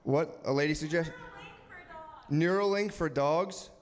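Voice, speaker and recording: A man's voice: a little high, a little slow, a little hiss or hum. A man doing crude stand-up crowd work on a club stage, brash and profane, laughing at his own jokes.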